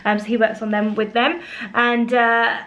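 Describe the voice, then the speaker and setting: A young woman chatting casually about her favourite bedtime picture books, animated, with playful put-on voices. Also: fairly high pitch, moderate pace. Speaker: vlogger reviewing children's books. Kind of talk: casual chat.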